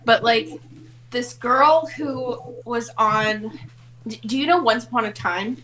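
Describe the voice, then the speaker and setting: A woman's voice: a little high, takes it slowly, sharp tone, slight background noise, poor audio. Chatty Australian-born woman telling stories. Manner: chatty storyteller, laughs often. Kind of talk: casual group chat.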